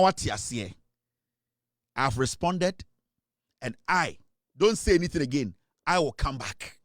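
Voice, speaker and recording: A man's voice: mid-range voice, no echo, studio quality. A man hosting a live talk show, delivering repetitive, threatening accusations. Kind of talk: heated live commentary.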